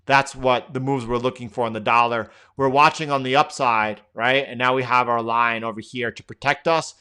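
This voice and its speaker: A man's voice: medium pitch, steady tone, normal speed, bright, forceful tone, clean tone. A middle-aged man hosting a live trading stream, thinking aloud through chart commentary with lots of fillers and restarts.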